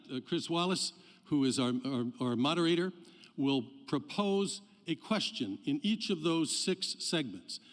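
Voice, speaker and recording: Guy giving house rules to an audience, lots of uh's, big echoey hall sound. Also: a little high. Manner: loose, halting delivery with many fillers and restarts. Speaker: debate commission official addressing the hall audience. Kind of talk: live address to an audience. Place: large debate hall. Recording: long hall reverb.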